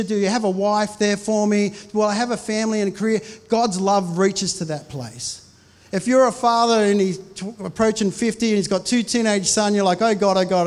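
A pastor in his forties preaches a sermon, telling stories in a conversational way and often restarting his sentences. His voice sits high for a man, and the sound rings with a long hall reverb. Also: darkish tone. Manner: conversational storytelling with many restarts.

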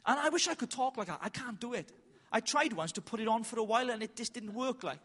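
High, bright-voiced preacher in a hall. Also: male voice, husky. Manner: animated, self-mocking, loud bursts and slow emphatic lines. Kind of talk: conference sermon with storytelling. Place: large hall with an audience. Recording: reverberant hall.

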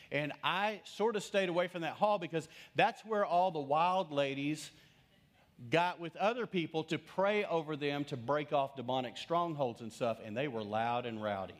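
Storytelling pastor preaching to his congregation. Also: on the high side. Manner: storytelling, asks the congregation questions. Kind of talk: sermon.

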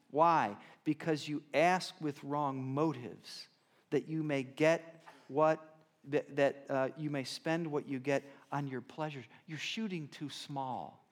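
A man preaching a sermon in a conversational storytelling manner, swinging between loud emphatic lines and quiet asides. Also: mid-range voice. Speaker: pastor.

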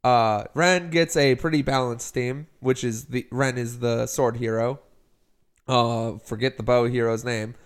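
A man's voice: mid-range voice, steady tone, measured pace, clear, resonant tone. A man co-hosting a casual podcast, rambling through a plot recap and quoting the characters' lines. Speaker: podcast co-host. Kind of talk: casual chat.

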